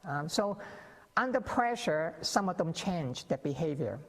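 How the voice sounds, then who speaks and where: A man's voice: fairly high pitch, expressive, measured pace, fairly bright tone. A man speaking as a guest on a TV interview, explaining his views earnestly with many repeated words and restarts. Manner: earnest, repetitive, frequent restarts and stammered words. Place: TV studio. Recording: reverberant TV studio sound.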